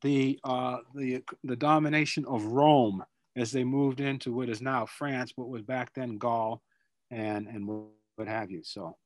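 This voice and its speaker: An older man from Boston with a Boston accent, a guest speaker answering students' questions over a video call, reflective and halting, often repeating words as he searches for them. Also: mid-range voice, steady tone.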